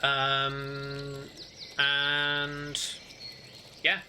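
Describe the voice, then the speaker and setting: Bright-toned man narrating a game. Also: medium pitch, monotone, very slow, faint music behind. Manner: rambling, full of "like" fillers. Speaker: game master. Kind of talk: narrating a tabletop game, casual.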